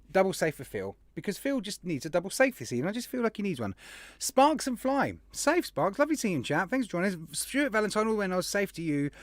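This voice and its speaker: A man hosting a casual livestream podcast, chatty and jokey, rattling off shout-outs to viewers. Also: high-pitched, dry recording. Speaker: podcast host.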